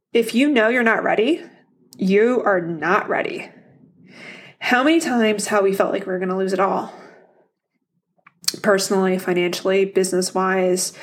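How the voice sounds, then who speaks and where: A woman hosting a casual solo podcast, talking bluntly and motivationally to her listeners, swearing often and laughing easily. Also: medium pitch. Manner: motivational, addresses listeners directly. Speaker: podcast host.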